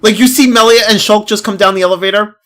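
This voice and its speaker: A man's voice: high voice, fairly even intonation, quick pace, a bit bright. A man streaming a video game live, talking casually, laughing often and swearing as he rambles over the play. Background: game music.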